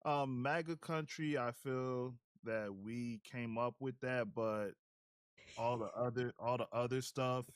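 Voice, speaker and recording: Halting male interview guest. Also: medium pitch, flat delivery, clean tone, dry recording, studio quality. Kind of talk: casual interview.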